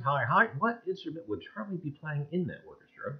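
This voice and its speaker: A man hosting a casual livestream, greeting viewers by name in loud sing-song bursts and chatting in a folksy way. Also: fairly high pitch, very animated, moderate pace, hardly any pauses, breathy edge. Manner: folksy, repeats "gang, I tell you". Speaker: livestream host. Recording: dull lo-fi stream audio.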